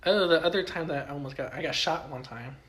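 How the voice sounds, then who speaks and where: A man co-hosting a podcast, telling stories in a casual chat, animated, laughing often and swearing freely. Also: on the high side, fast. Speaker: podcast co-host.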